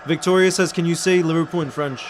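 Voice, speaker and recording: A slightly high-voiced man hosting a casual live football watchalong. He chats fast and loosely, reads viewer messages aloud and slips in French phrases now and then. A faint hiss of noise sits under his voice. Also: steady tone. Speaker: host of a live match watchalong stream.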